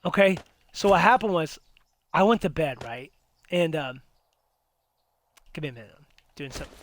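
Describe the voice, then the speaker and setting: Casual male host, higher voice, loose rambling storyteller, lots of "you know what I mean". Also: expressive, normal speed, fairly bright tone, no echo. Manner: rambling, lots of fillers and restarts. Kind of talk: casual ghost story chat.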